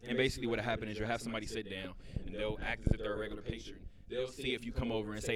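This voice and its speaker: A man hosting a casual group podcast chat, telling animated stories and acting out the people in them. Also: medium pitch, fast, crowd noise. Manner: animated storyteller, acts out quotes. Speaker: podcast host.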